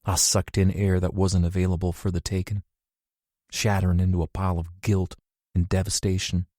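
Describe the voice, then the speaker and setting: A man reading first-person scripted narration in a measured, emotional way. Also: low voice, flat delivery, dark tone, no echo, studio quality. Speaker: audiobook narrator.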